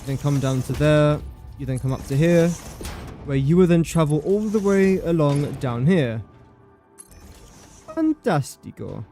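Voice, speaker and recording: A man's voice: fairly high pitch, moderate pace, mellow, soft background music. Self-mocking man streaming a game. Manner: chatty, self-mocking, talks to objects while building. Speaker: livestreaming gamer. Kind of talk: casual game commentary.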